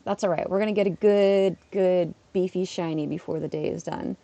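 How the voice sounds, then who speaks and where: A woman's voice: fairly low pitch, steady tone, moderate pace, hardly any pauses, mellow. A woman, a schoolteacher, chatting casually on a live stream while playing, laughing often and talking back to her chat. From Canada.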